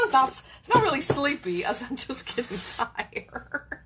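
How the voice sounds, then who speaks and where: Lively chatty woman cooking at home. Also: high-pitched, slow, a little hiss or hum. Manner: chatty, laughs often, coos at her cats. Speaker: home cook and channel host. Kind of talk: casual cooking vlog. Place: home kitchen. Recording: loud kitchen clatter behind voice. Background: dishes, cutlery and stirring sounds.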